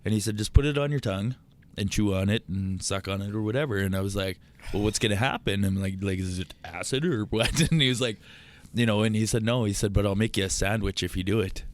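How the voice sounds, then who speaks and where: Profane, low-voiced storytelling man. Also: fast talker. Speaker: podcast guest. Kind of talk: casual storytelling.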